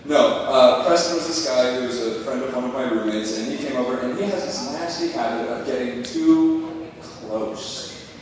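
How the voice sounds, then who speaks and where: A young man doing dry, awkward stand-up, with a lively voice that swings up and down and breaks into laughs at his own jokes. He is heard from well off the mic in a big hall with a long ringing echo. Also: mid-range voice, moderate pace, a crowd in the background. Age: young adult. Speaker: stand-up comedian at an open mic. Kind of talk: stand-up comedy set. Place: open mic venue. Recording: echoey hall, far from mic.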